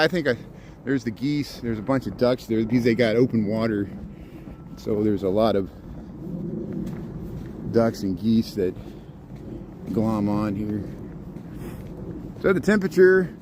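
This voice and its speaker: A man's voice: mid-range voice, darkish tone. Middle-aged man, Midwestern drawl, chatty walking live stream, outdoors, faint traffic behind. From rural Indiana. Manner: rambling, chatty, chuckles often. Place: outdoors in a snowy city park.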